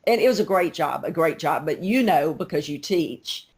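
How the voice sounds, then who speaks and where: This is a chatty older woman with a Southern American accent, speaking low in pitch for a woman. She talks as a guest author, eager and storytelling, with plenty of emphasis. Her voice comes over a remote call. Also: lively intonation, moderate pace, darkish tone, husky. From Louisiana, USA. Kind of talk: casual interview chat.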